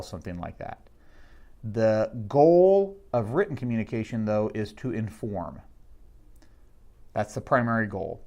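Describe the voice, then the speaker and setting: Guy teaching a recorded class summary, measured and explaining, slows on the important words, average pitch. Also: darkish tone. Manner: measured, explanatory, with slowed emphasis on key words. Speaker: instructor.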